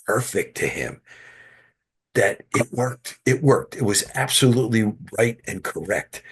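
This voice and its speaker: A man guest, an actor, telling animated stories in an interview with frequent restarts, heard over a video call. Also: fairly low pitch, unhurried, husky. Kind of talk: interview storytelling.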